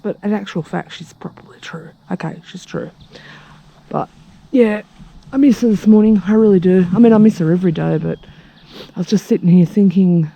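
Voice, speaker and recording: Husky, gravelly Australian woman vlogging. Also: lowish voice, warm tone, muffled recording. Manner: chatty, cheeky, drops into asides. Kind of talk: casual vlog monologue. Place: outdoors at a rural retreat at dawn.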